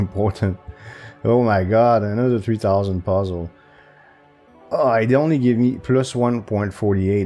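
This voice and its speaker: Man thinking aloud over chess puzzles. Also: mellow. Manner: hesitant, self-talking with restarts and pitch jumps. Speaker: chess video creator.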